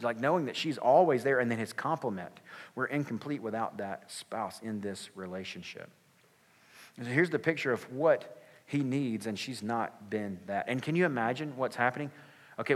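A man's voice: medium pitch, sharp tone, husky, big-room sound. A male pastor giving a sermon in an earnest, conversational way, with casual filler words.

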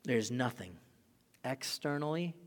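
A man in his thirties preaching a sermon as pastor, conversational and animated, acting out little scenes along the way. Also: mid-range voice, unhurried. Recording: long hall reverb.

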